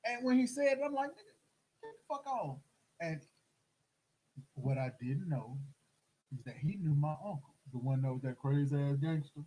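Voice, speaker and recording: A middle-aged man telling a story in casual chat, animated and acting out the voices of the people in it. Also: a little high, moderate pace, long pauses, low-quality recording. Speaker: host.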